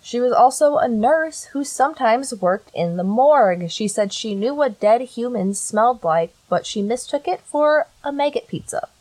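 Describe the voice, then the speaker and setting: A woman's voice: on the high side, expressive, moderate pace, hardly any pauses, darkish tone, no room sound. Blunt, sarcastic young woman storyteller. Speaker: podcast host recounting a case. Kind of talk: casual chat.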